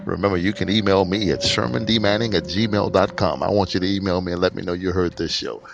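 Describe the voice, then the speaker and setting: A man's voice: low voice, fairly even intonation, fast, creaky, highs cut off. A man hosting his own podcast, talking in an emphatic way and repeating phrases for stress. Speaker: podcast host. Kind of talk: solo podcast monologue.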